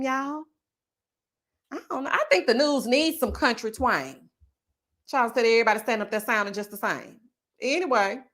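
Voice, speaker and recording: A woman with a Texas Southern twang, chatting casually with her viewers in a sing-song, drawn-out way. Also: fairly high pitch, fairly bright tone. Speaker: YouTube reality-show reviewer. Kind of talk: casual chat reading viewer comments.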